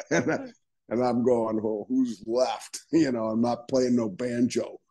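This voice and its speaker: Husky older man telling lively stories. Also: medium pitch, slow pace, poor audio. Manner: animated storyteller, acts out quoted voices, laughs often. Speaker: guest, retired wrestler. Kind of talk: storytelling interview.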